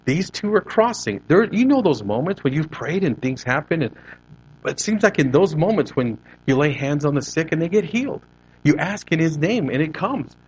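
A man preaching a sermon, animated and conversational, moving his hands as he talks. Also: on the high side, moderate pace, breathy edge, highs cut off. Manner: animated preaching with hand gestures. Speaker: pastor.

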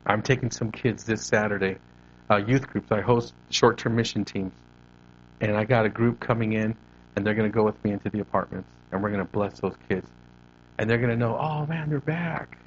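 A man preaching a sermon, animated and conversational, moving his hands as he talks. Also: fairly low pitch, fairly quick, dull audio, slight background noise. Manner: animated preaching with hand gestures. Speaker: pastor.

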